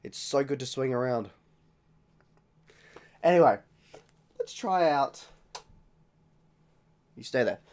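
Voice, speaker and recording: A man's voice: medium pitch, lively intonation, slow pace, long pauses, a little mellow. A young Australian man hosting his channel, talking casually and rambling, often correcting himself as he tastes beers. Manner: rambling, chatty, self-correcting. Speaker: channel host. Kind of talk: casual beer tasting vlog.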